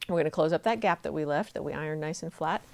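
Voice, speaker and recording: A woman's voice: deep voice, quick pace, gravelly. A middle-aged woman hosting a sewing tutorial, chatty and encouraging as she demonstrates each step at her machine. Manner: chatty and encouraging, talks while working.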